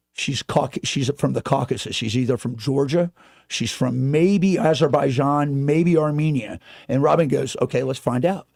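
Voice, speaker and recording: A man co-hosting a talk radio show, telling stories in an animated way and laughing at his own jokes. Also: mid-range voice, vocal fry, slightly rough, no room sound, clean studio sound. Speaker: radio co-host. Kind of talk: casual talk radio chat.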